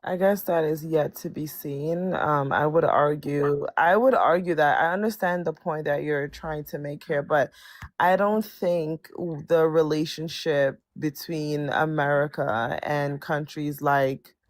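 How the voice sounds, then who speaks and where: Woman caller in a debate, deep voice, careful hedging arguments. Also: fairly even intonation, measured pace, no room sound, clean studio sound. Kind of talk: call-in political debate.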